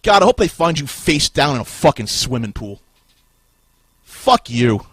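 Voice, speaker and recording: A man hosting a podcast, ranting furiously and swearing, with shouted bursts. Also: on the high side, big pitch swings, unhurried, slightly rough, dry recording. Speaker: podcast host. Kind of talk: profane ranting podcast talk.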